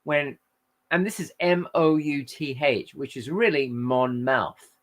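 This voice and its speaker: A man's voice: on the high side, unhurried, fairly bright tone. An Australian man hosting a casual livestream, reading viewer comments aloud and rambling in friendly chat.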